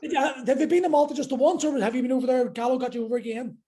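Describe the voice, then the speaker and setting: Irish guy, high voice, loud animated storyteller, swears a lot, podcast guest. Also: very fast. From Ireland. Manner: animated, laughing, heavy swearing. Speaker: podcast guest, MMA fighter. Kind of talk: casual storytelling.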